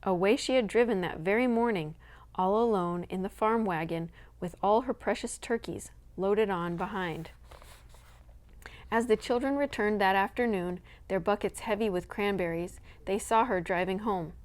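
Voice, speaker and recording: A woman reading a children's novel aloud in an even, measured storytelling manner. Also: medium pitch. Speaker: storybook reader.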